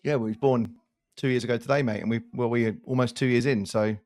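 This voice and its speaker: A man co-hosting a property podcast from England, bantering quickly and calling others mate. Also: mid-range voice, fairly even intonation, darkish tone, no room sound, studio quality. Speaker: podcast co-host. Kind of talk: casual chat.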